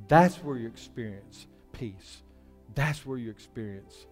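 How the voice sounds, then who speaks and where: A male pastor delivering an impassioned sermon in a church, swinging between loud preaching and a hushed, soft voice. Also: medium pitch, animated, a little slow, hardly any pauses. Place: church sanctuary. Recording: long hall reverb with faint music.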